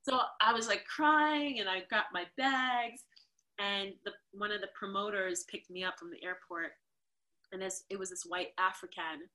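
A woman from New York, a dancer and podcast guest, telling lively stories in casual conversation and acting out the people she quotes. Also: moderate pace. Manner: animated, acts out quotes with big jumps in pitch. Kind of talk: casual storytelling interview.

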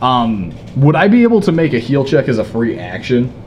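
A man's voice: medium pitch, big pitch swings, normal speed, darkish tone. A man with an ordinary mid-range voice asks careful rules questions during a game. There is a faint background noise behind him. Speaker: player.

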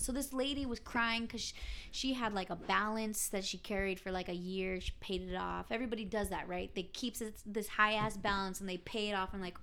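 A woman's voice: mid-range voice, fairly quick, slight background noise. A woman telling blunt, profane stories about customer service calls in a casual chat. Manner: blunt, profane, animated storytelling.

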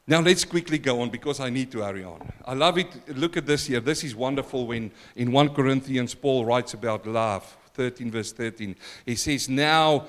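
A middle-aged male pastor giving an emphatic sermon, swinging between loud exclaims and quiet asides and calling for congregation responses. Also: moderate pace, few pauses. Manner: emphatic preaching with wide swings in loudness and pitch.

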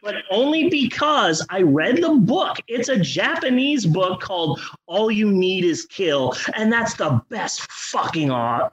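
Sarcastic, profane podcast co-host, high and animated, roasting a movie. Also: male voice, unhurried, hardly any pauses, muffled recording. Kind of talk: casual movie review chat.

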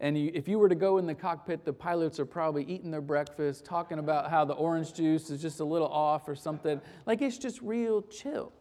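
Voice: medium pitch, fairly quick, hardly any pauses, darkish tone. A pastor leading a closing prayer and telling an anecdote in a conversational sermon, often restarting phrases. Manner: conversational storytelling with frequent restarts.

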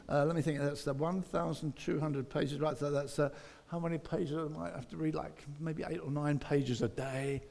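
A man's voice: fairly high pitch, fairly even intonation, normal speed, gravelly, darkish tone. A pastor preaching a conversational sermon and praying, acting out the inner thoughts of his listeners. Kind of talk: sermon with prayer. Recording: reverberant church hall.

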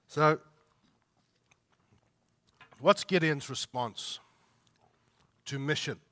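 A man's voice: medium pitch, sharp tone. A man preaching a sermon, emphatic, repeating his points and asking the listeners rhetorical questions. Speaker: pastor.

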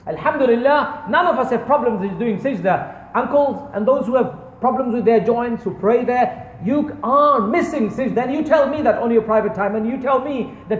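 High-voiced man preaching in echoey hall. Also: moderate pace, few pauses. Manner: earnest storytelling, addressing brothers and sisters. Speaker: fundraising speaker at a mosque. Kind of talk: sermon-style charity appeal. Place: large echoey prayer hall. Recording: echoey hall with long reverb.

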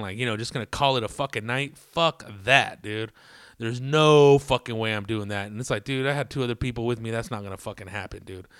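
A man's voice: mid-range voice, a bit bright, clear, resonant tone, no room sound, clean studio sound. A young man telling a rambling story in a casual, profane, slang-heavy way to his viewers. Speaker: vlogger.

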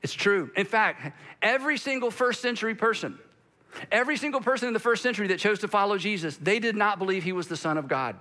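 Man, pastor, sermon, animated, acts out quotes, high voice. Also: fast.

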